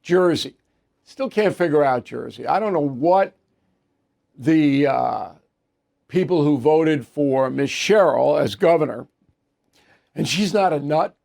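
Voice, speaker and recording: Brief: older male news host, gravelly, slightly high voice, blunt and sarcastic commentary. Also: takes it slowly, pauses often, a little mellow. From New York. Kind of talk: opinion commentary monologue.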